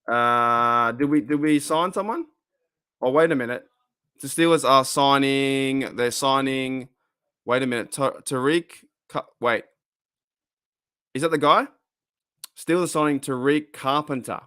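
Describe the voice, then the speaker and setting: Excitable Australian man, dry sound. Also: mid-range voice, no echo. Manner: rambling, excitable, reading out live chat. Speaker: livestream host. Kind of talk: casual live-stream chat.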